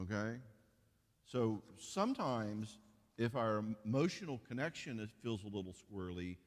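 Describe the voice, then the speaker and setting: A man who works as a marriage counselor gives a casual, joking conference talk to couples, full of fillers and restarts. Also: on the low side. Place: church hall. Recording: echoey hall reverb.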